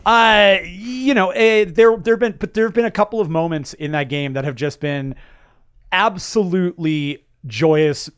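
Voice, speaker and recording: Rambling higher-voiced podcast man. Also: moderate pace, clear, resonant tone, no echo, clean studio sound. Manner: rambling, many restarts and fillers. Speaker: podcast co-host. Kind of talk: casual chat about video games.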